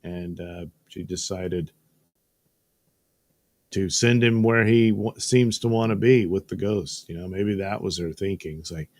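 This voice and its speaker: A man's voice: low-pitched, a little slow, a little mellow, no room sound, studio quality. A man hosting a live show in a casual, joking way, reading viewer comments aloud and tossing in silly voices. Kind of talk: casual live-stream chat. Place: studio.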